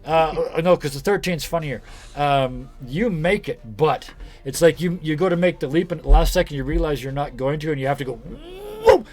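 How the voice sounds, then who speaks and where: A man's voice: fairly high pitch, a little fast, faint music behind. A man narrating as game master, loose and joking, laughing often.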